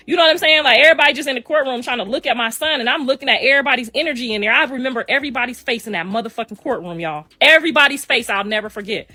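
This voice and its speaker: Middle-aged mom ranting on a livestream, bright sharp voice, pitched a bit high, repeats herself hard, dry sound. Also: female voice, racing, few pauses, no room sound, soft background music. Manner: emphatic, repeats phrases. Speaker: mother speaking on a livestream. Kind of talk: casual rant.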